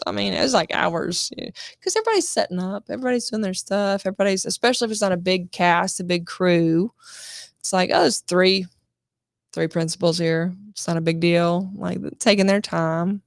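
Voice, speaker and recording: A woman's voice: medium pitch, normal speed, vocal fry, dry recording, studio quality. A woman guest on a casual interview show, telling a story and acting out quotes, swearing freely. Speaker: guest actress.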